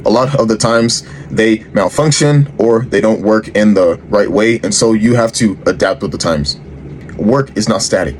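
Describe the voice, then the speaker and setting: A man with a slightly low voice gives viewers steady, instructive advice. Faint ambient noise sits behind him. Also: normal speed.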